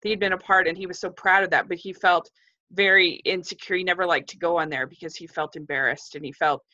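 A woman in a casual film discussion, speaking in a hesitant, measured way with many restarts. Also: on the low side, steady tone, pushed and bright. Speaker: film reviewer. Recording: dull lo-fi sound.

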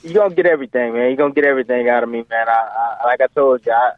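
A man's voice: mid-range voice, racing, no room sound. Man telling stories over a tinny phone line. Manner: animated, rambling, full of fillers. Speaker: guest, professional boxer. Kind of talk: casual storytelling interview. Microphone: phone call.

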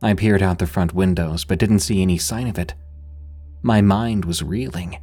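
A man reading a scripted horror story in a measured, suspenseful way. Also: low-pitched, warm tone, breathy edge, soft background music.

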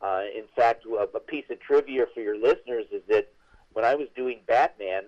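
An older man, a veteran actor, telling stories as an interview guest in a chatty, animated way with many restarts. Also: medium pitch, moderate pace, lo-fi sound. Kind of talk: interview storytelling.

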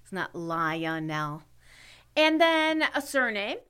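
A woman's voice: mid-range voice, lively intonation, takes it slowly, bright, forceful tone, smooth. A middle-aged woman co-hosting a podcast in casual chat, playful and teasing, laughing often. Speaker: podcast co-host.

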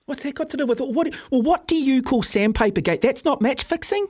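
Combative high-voiced New radio host. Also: male voice, animated, fairly quick, darkish tone. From New Zealand. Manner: combative, repeats caller's name, sarcastic jabs. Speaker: radio talk show host. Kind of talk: heated talkback argument.

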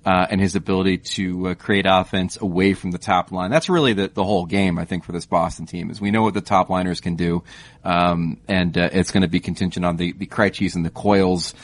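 Deep-voiced guy hosting a hockey podcast, measured, lots of ums. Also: level tone, a little hiss or hum. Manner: thoughtful, measured, frequent fillers. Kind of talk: casual sports chat.

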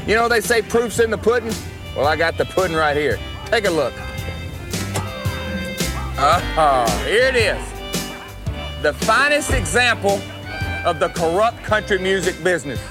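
A man's voice: high-pitched, sing-song, unhurried, long pauses, pitched above the performer's own voice. A man playing a cocky, boastful country singer wrestling villain in a promo clip, bragging and spelling out his own name. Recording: archive clip with music bed.

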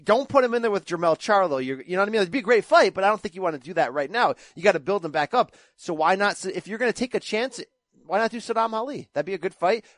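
A man's voice: sits high, lively intonation, fast, fairly bright tone, dry recording. A man hosting a podcast in casual sports chat, emphatically explaining and arguing his picks. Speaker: podcast host.

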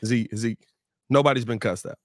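A man co-hosting a sports podcast in a casual, animated way, his voice slightly hoarse. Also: mid-range voice, quick pace, dry recording, clean studio sound. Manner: animated, laughs often, reads sponsor ads. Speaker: podcast co-host.

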